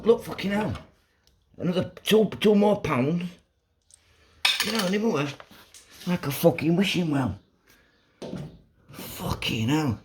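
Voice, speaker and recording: A man filming a do-it-yourself vlog while fixing a washing machine, excitable and swearing constantly. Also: fairly high pitch, a little hiss or hum. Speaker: vlogger. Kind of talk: casual DIY vlog.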